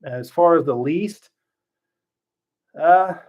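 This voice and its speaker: A man's voice: on the high side, slow, a little mellow. A middle-aged man answering viewer questions on a casual livestream, thinking aloud with fillers and restarts. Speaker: livestream host. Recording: slightly dull lo-fi stream audio.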